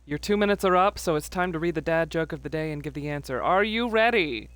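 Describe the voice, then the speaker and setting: A woman's voice: deep voice, fast talker, clean tone, no room sound. A woman streaming live who chats casually, laughs often and reads viewers' messages aloud. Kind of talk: casual livestream chat.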